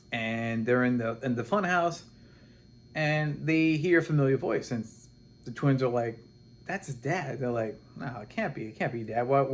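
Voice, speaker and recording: A man casually recapping a comic book plot, animated and rambling, acting out the characters' lines as he goes. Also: medium pitch. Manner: rambling and animated, with many restarts and quoted dialogue.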